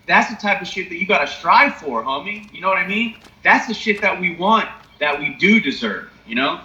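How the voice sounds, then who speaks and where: Excitable, bright-voiced man swearing freely. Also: high-pitched, fairly quick, few pauses. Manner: excitable, profane, lots of "you know what I mean". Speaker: podcast co-host. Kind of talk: casual storytelling chat. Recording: echoey, dull lo-fi sound.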